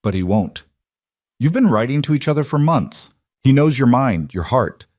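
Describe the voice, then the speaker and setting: A man voicing a warm, teasing young woman who gently urges her sister on. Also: medium pitch, expressive, moderate pace, no room sound, studio quality, voice pushed up, close to an everyday voice. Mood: coaxing. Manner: affectionate and coaxing.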